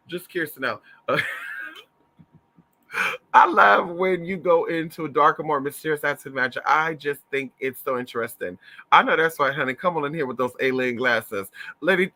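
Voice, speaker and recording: Campy, bright-voiced man chatting on a livestream. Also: a little high, moderate pace. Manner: animated, campy, profane, calls listeners y'all and honey. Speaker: livestream host reading chat. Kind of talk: casual livestream chat and storytelling.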